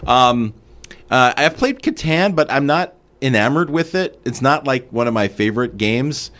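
A man's voice: medium pitch, lively intonation, moderate pace, a bit bright. A man co-hosting a morning radio show, chatting casually and reacting eagerly to his partner. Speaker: radio co-host. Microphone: studio microphone.

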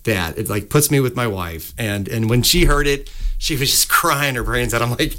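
A man's voice: medium pitch, normal speed, few pauses. A middle-aged man, a musician guest on a radio show, telling stories with lots of energy and acting out little voices. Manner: animated storyteller, acts out voices in anecdotes. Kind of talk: casual radio interview. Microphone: studio microphone.

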